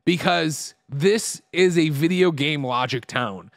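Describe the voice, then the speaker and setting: A man's voice: a little high, vocal fry, no room sound, studio quality. A man co-hosting a podcast, rattling through a film's plot in casual, sweary chat and mimicking the characters' lines. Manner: fast rambling recap with sweary asides and mimicked lines. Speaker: podcast co-host recapping a film.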